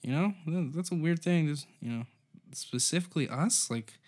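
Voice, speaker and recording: A man's voice: fairly high pitch, normal speed, darkish tone. A man hosting a solo comedy podcast, rambling and swearing in an offhand way, often trailing off. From Canada. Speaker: podcast host.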